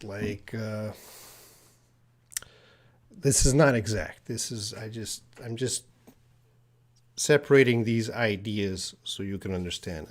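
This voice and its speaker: A man teaching English on a live stream, answering viewer questions and explaining with many pauses and fillers. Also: lowish voice.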